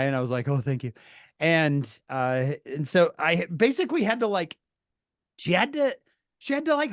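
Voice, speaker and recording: Animated storytelling man. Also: a little high, no room sound, clean studio sound. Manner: animated, laughs mid-sentence, addresses chat by name. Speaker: streamer talking to viewers. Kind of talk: casual storytelling.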